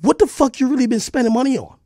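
A man streaming an angry, profane rant, confrontational and breaking into shouts. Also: extremely high pitch, animated, fast, no echo, clean studio sound.

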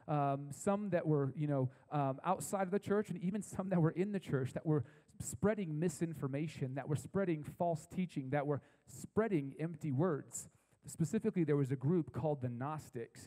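A pastor delivers a sermon to a live congregation in a church, his voice a touch higher than most men's and mellow in tone. He talks in a relaxed, conversational way and slows down to repeat key phrases for emphasis. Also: long reverb tail, low-quality recording. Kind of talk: sermon to a young adult congregation. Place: church service with a live audience.

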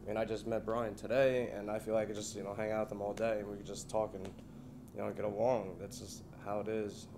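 A man's voice: fairly low pitch, flat delivery, fairly quick, creaky, background noise. A young adult man, a veteran, talking casually in a loose, rambling, offhand way. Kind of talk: casual interview talk.

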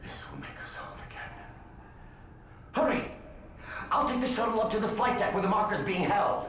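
An urgent older scientist. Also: male voice, high-pitched, fairly quick, a bit bright. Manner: urgent, pleading. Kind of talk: video game dialogue. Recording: very echoey game audio with faint noise.

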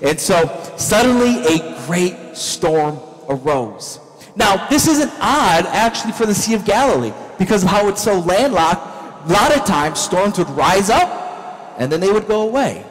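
A male pastor preaching a sermon in a church, with animated storytelling that acts out scenes. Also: sits high, measured pace, long reverb tail, poor audio.

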